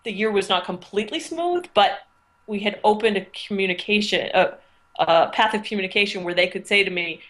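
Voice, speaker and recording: A woman's voice: mid-range voice, fairly quick, fairly bright tone. A middle-aged woman, a teacher, talking through her experiences in a casual interview, thoughtful and full of restarts. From United States. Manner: thoughtful, storytelling, frequent restarts.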